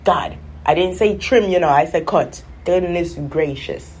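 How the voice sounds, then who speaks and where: Mellow-voiced woman ranting casually. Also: fairly low pitch, a little slow, a little hiss or hum. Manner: rambling, exasperated storytelling. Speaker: vlogger. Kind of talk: casual chat.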